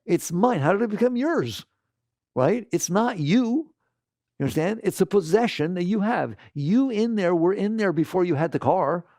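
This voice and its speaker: A man with a slightly high, gravelly voice teaches a live audience about the mind. He gets animated and acts out inner voices in exaggerated quotes. The sound is close and dry. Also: normal speed, dry recording. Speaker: spiritual teacher. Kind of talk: spiritual talk to a live audience.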